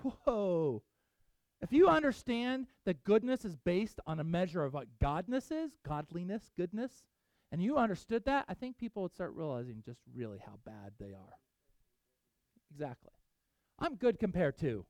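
A man's voice: high-pitched, sing-song, moderate pace, darkish tone, dry recording. A man preaching a sermon, earnestly acting out the voices of the people in the stories he tells. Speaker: pastor.

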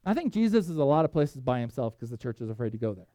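A man preaching a sermon, reading scripture aloud with emphatic swings in loudness. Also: mid-range voice, big pitch swings, rapid-fire, dry recording. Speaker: pastor.

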